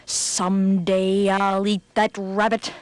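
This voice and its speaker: A woman's voice: medium pitch, flat delivery, takes it slowly, a little mellow, dry recording, close to an everyday voice. A woman voicing a gullible, hungry male tiger in a storybook game, pleading and earnest.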